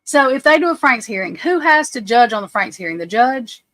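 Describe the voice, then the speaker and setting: A woman's voice: a little high, big pitch swings, a little fast, fairly bright tone, no room sound, low-quality recording. A woman hosting a casual livestream, anxious and flustered, often breaking off and restarting her sentences. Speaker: livestream host.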